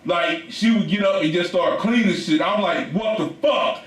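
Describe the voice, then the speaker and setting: A man co-hosting a podcast, telling stories in a casual, animated and profane way. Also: high-pitched, moderate pace, roomy sound, distant mic, low-quality recording. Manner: animated, profane storytelling with laughs. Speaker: podcast co-host. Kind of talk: casual chat.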